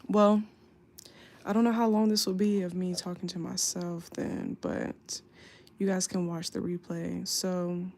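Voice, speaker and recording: Young woman, worn out and aching, drawling late-night livestream chat into her phone, with a gravelly edge. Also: fairly low pitch, flat delivery, a little mellow. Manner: slow, tired, drawling talk with lots of fillers. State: sleepy and in back pain. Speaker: flight attendant livestreamer. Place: home at night. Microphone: phone mic, off screen.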